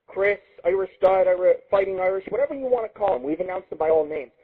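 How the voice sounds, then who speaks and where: A man with a high, husky voice that swings all over the place, ranting as host of a crude internet radio show. He swears constantly and rambles from one thing to the next. The sound is tinny and narrow, like it comes down a phone line. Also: animated, fast. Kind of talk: profane comedic radio rant. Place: home radio studio.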